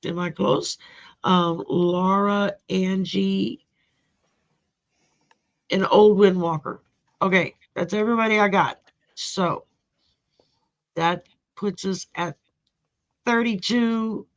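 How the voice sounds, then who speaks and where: A woman hosts a live stream in easygoing chat, drawling slowly through her words. Her voice has a gravelly, fry-laden edge. The audio sounds dull and lo-fi. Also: mid-range voice, steady tone. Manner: rambling, laid-back, reads out viewer names. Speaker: host of a live tarot stream.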